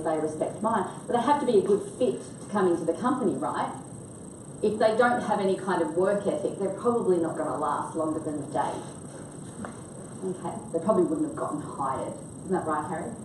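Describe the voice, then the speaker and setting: A woman's voice: fairly low pitch, recorded from a distance. An older woman runs a workshop and keeps asking her group questions. She talks in an engaging, interactive way. She is recorded from across an echoey room with a faint hum behind her. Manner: engaging, quizzes the audience. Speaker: workshop trainer.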